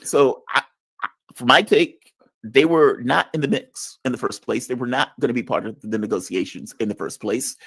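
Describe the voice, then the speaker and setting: A man's voice: mid-range voice, moderate pace, a bit bright, husky, no room sound. A man commenting on politics in a blunt, combative and mocking way. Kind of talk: heated political discussion.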